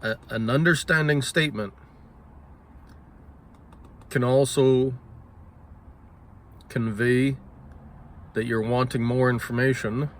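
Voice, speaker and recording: A man thinking aloud in casual spoken musing, halting and correcting himself, often clearing his throat. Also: mid-range voice, fairly even intonation. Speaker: solo talker.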